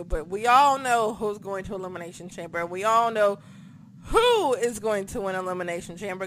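Excitable podcast host swearing freely. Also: mid-range voice, a little hiss or hum. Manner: excitable, swears, acts out reactions. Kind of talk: casual wrestling recap chat.

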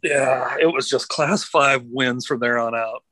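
A man's voice: medium pitch, measured pace, sharp tone, no room sound, poor audio. A man co-hosting a podcast, telling a rambling story in casual chat, laughing and swearing freely. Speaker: podcast co-host. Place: outdoors by traffic.

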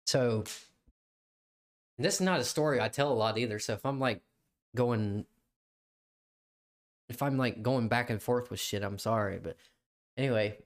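A man's voice: mid-range voice, a little slow, long pauses. Rambling, laughing young man. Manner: rambling, swears a lot, laughs often. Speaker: podcast co-host. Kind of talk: casual chat.

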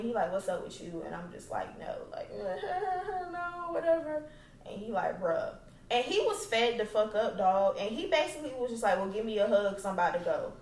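A woman's voice: medium pitch, recorded from a distance. A young woman tells her own story as a podcast host, blunt, cussing freely and hitting her words hard. She sits a little back from the microphone in a room that rings around her voice. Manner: blunt and profane, emphatic. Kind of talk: candid personal storytelling. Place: home. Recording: roomy, away from the mic.

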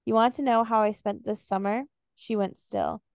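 A woman's voice: on the high side, steady tone, moderate pace, gravelly, smooth, no echo, studio quality. A young woman co-hosting a podcast, recapping a novel and reading passages aloud with casual fillers. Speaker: podcast co-host.

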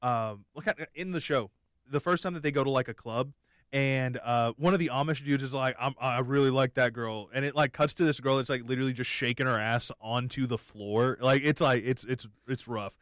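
A man's voice: mid-range voice, fairly quick, fairly bright tone, no room sound, studio quality. A young man hosting a podcast in casual chat, rambling and joking with many restarts. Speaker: podcast host.

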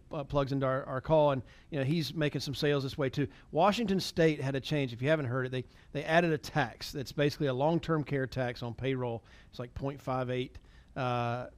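Team leader, slightly high-pitched man, encouraging motivational talk with filler words. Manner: encouraging, many fillers and repeats.

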